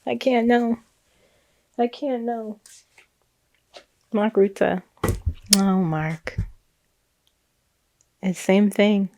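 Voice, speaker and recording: A woman's voice: mid-range voice, steady tone, drawn-out words, long pauses, mellow. A woman, a psychic reader, casually recounting a reading in a chatty, rambling way with frequent laughs and restarts.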